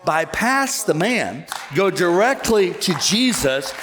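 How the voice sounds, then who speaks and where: Male pastor, sermon, upper voice with very animated swings, playful crowd banter. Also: high voice, takes it slowly, slight background noise. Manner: animated, humorous, conversational preaching. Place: church auditorium.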